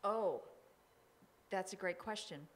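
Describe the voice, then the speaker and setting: A woman's voice: medium pitch, slow pace. A woman hypnotherapist being interviewed, talking emphatically and firmly about her work. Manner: emphatic, forceful, acts out her own demands. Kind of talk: casual interview talk.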